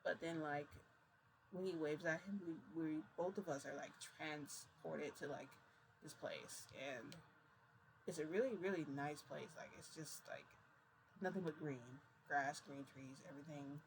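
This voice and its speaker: A woman's voice: sits low, a little slow, a little hiss or hum, rough recording. Chatty woman telling a story. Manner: chatty, lots of "I'm like". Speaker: vlogger. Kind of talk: casual storytelling.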